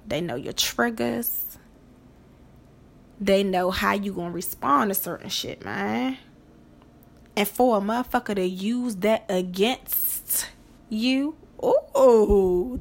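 A woman's voice: medium pitch, creaky. A woman hosting a podcast in a casual monologue, profane and emphatic, repeating phrases for effect. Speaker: podcast host.

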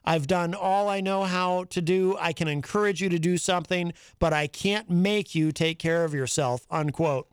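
A man's voice: high voice, moderate pace, few pauses, smooth, no echo, studio quality. A man hosting a call-in talk show, reading news items aloud and commenting in a conversational way. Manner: conversational, thinking aloud with fillers and asides.

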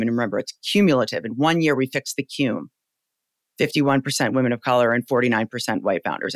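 A woman in her forties with a very deep voice, telling stories as a guest in an animated, emphatic, casual way. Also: no echo. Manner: animated, emphatic, salty storytelling with "like" fillers. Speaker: podcast guest, company founder. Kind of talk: casual interview chat.

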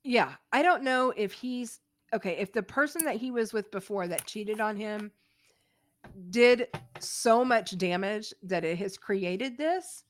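A woman co-hosting a podcast, agreeable and quick to laugh, often chiming in with short affirmations during casual chat. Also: mid-range voice. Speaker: podcast co-host. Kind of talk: casual reality-TV recap chat.

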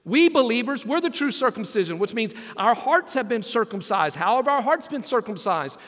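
A man's voice: very high voice, sing-song, moderate pace, fairly bright tone, big-room sound. A man preaching a sermon as senior pastor, joking with the congregation and drawing back "Amen?" replies. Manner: preaching with jokes and call-and-response asides.

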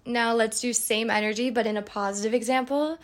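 A woman's voice: a little high, fairly even intonation, a little fast. A young woman hosting a podcast, answering listener questions in a chatty, candid way with playful asides. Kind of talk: casual advice chat.

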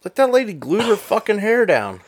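A man's voice: sits high, moderate pace, no echo. Guy co-hosting a podcast, swears a lot, rants, dry close sound. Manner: profane, ranting, animated. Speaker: podcast co-host. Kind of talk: casual chat.

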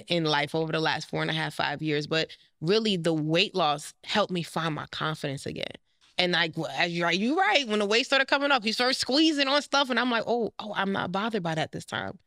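A woman's voice: on the low side, no room sound, clean studio sound. A woman in her thirties, a life coach and guest, telling a personal story in a confiding, emotional way. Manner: emotional, confiding, quick bursts when animated. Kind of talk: candid personal story in an interview.

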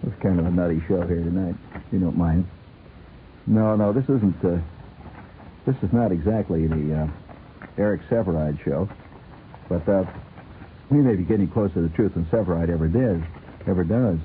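A man's voice: deep voice, normal speed, pauses often, narrow, tinny audio, a little hiss or hum. A man hosting a radio show, chatting playfully and rambling, often chuckling as he goes. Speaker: radio host. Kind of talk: late-night radio chat.

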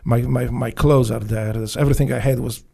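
Polish guy, ex seal, gravelly low-toned voice, swears a lot, broken english, keeps restarting. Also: steady tone, warm tone. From Poland. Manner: blunt, profane, halting with restarts and broken English. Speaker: guest, former Navy SEAL. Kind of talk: casual storytelling interview.

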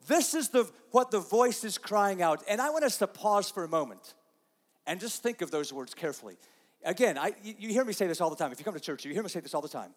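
A pastor giving a conversational sermon, dropping to soft, slow asides and rising to loud, emphatic lines. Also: male voice, fairly high pitch, big pitch swings, long reverb tail. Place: church sanctuary.

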